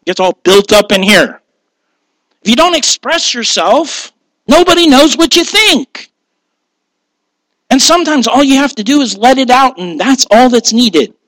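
A man's voice: extremely high pitch, expressive, measured pace, pauses often, fairly bright tone, dry recording, rough recording. A man, a pastor, preaching a sermon in a conversational way, asking rhetorical questions and laughing at his own asides.

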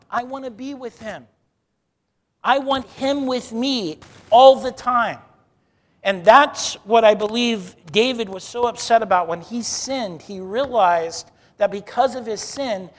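A man preaching a sermon in an earnest way, drawing out key words slowly. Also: high voice, in a large hall. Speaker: pastor.

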